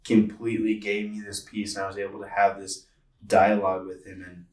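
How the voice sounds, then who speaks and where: A man's voice: lowish voice, flat delivery, fairly quick, darkish tone, distant mic. A man in his twenties telling a personal story on a podcast, earnest and rambling with lots of filler words. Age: 20s. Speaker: podcast co-host. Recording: roomy sound from away from the mic.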